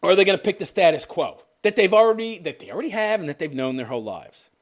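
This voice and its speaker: Speaking fast and expressively in a high register, the male commentary host keeps up his sarcastic, casual rant. Laughter and profanity run throughout as he mocks the figures he quotes.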